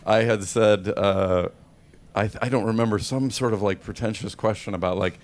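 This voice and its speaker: A man's voice: on the low side, fairly even intonation, moderate pace. A man in his forties, a film actor answering audience questions with a self-deprecating, laughing manner. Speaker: actor guest. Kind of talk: press event Q&A.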